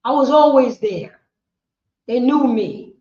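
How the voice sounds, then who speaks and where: A woman teaching a history class, lecturing emphatically, repeating herself and rising to shouts. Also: sits high, takes it slowly. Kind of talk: street-preaching lecture. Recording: roomy, dull lo-fi sound.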